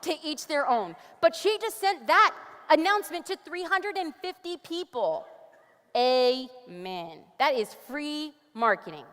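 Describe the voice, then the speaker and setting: High-voiced upbeat woman presenting in a hall. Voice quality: animated and upbeat, with quick jokey asides. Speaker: conference speaker. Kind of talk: energetic conference presentation. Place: large conference hall. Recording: long hall reverb.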